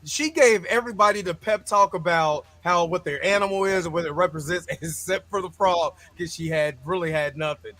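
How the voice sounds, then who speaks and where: Man, host, high voice, bright tone, animated, joking, slangy, casual movie review. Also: fairly quick, few pauses, no echo. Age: adult parent. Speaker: show host.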